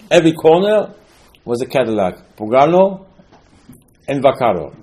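A man's voice: fairly high pitch, very animated, moderate pace, long pauses, darkish tone. A man teaching Talmud in an informal lecture, telling stories animatedly, asking rhetorical questions and often restarting his sentences.

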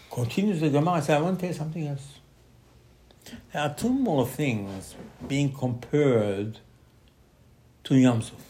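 A middle-aged man giving an animated Torah sermon, acting out quotes with sudden loud bursts. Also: medium pitch, a little hiss or hum. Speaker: rabbi.

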